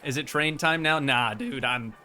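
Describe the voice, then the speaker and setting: Bright-voiced, tired streamer guy. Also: medium pitch, unhurried, soft background music. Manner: relaxed, rambling, self-amused. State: tired at the end of a long stream. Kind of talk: casual live-stream chat while building a theme park.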